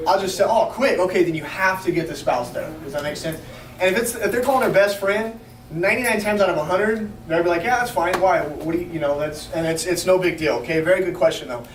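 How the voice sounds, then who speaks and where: A high-voiced man rattles off quick, upbeat coaching to a group, keeps asking whether it makes sense. He is picked up from a distance in a roomy space with faint noise behind him. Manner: energetic, fast, coaching with repeated check-ins. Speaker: sales trainer. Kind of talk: training talk to a small group. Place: restaurant meeting room.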